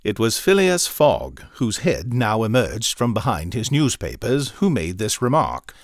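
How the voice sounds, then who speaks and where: A man narrating a storybook reading in a lively, varied way. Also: lowish voice, measured pace, dry recording, studio quality.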